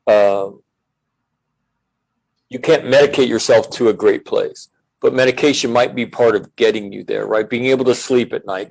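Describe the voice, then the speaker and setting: Low-voiced earnest veteran man. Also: poor audio. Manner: earnest, reflective, speaks in measured phrases. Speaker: podcast guest, military veteran. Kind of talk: casual podcast conversation.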